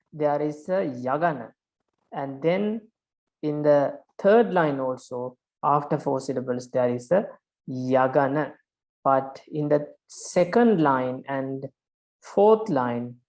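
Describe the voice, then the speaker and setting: Woman, low pitch, online lesson, checks in often, counts syllables aloud. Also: a little mellow. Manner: patient, repeats key words, checks with "right?"; sounds out verse syllable by syllable. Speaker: Pali prosody teacher.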